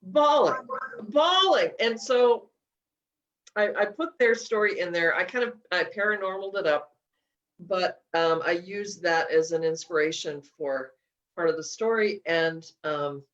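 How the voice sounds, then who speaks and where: A woman's voice: fairly low pitch, a little slow. A woman author being interviewed, talking casually and emotionally, laughing often and restarting her sentences. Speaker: author guest. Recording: slightly dull lo-fi audio.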